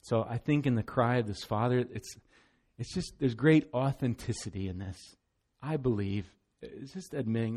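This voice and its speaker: A man's voice: mid-range voice, normal speed, a little mellow. A man preaching a sermon as pastor, earnest and emphatic, often repeating words as he goes.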